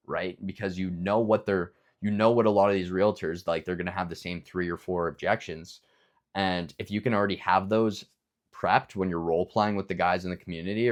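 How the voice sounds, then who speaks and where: A young man with a deep, low voice talks through his sales advice in a loose, rambling way. He keeps coming back to his points with fillers and restarts, and now and then he acts out a phone call, playing both the caller and the realtor. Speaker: business coach. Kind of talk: casual instructional talk.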